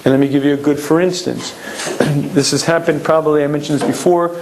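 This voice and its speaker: A man delivering a Torah lecture with a somewhat high-pitched voice. He keeps clearing his throat between phrases and brings his examples to life with a lively, storytelling manner. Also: brisk, slight background noise. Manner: lively, acts out anecdotes.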